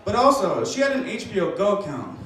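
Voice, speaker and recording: A man doing a stand-up comedy set, telling deadpan dark jokes and acting out voices, with audience laughter behind him. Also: high-pitched, brisk, a little hiss or hum. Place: comedy club stage. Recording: echoey club from far off, crowd laughing.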